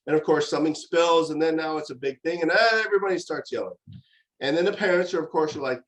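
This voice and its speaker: A man's voice: fairly high pitch, quick pace, poor audio. A man giving a conversational lecture on parenting, telling stories and acting out exasperated outbursts. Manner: storytelling, with animated quoted outbursts.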